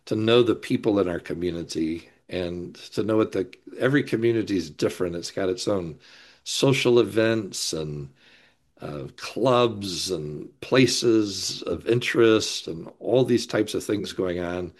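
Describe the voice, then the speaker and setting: A man who used to plant churches, speaking as a guest on a discussion panel in a thoughtful, unhurried way with gentle laughs. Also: low-pitched. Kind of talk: casual discussion.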